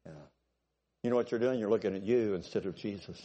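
A pastor in his sixties preaching a sermon, exhorting and building to forceful peaks. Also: on the low side, animated, fast talker, pauses often.

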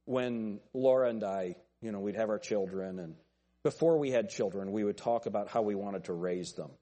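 A man's voice: fairly low pitch, moderate pace, mellow. A middle-aged man preaching a folksy sermon as a pastor, joking with his congregation in a church. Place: church sanctuary.

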